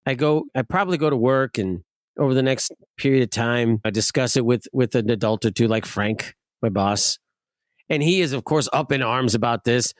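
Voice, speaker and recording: A man's voice: mid-range voice, normal speed, no echo, clean studio sound. A man telling a personal story in a casual, self-mocking way, laughing as he goes. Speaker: guest storyteller.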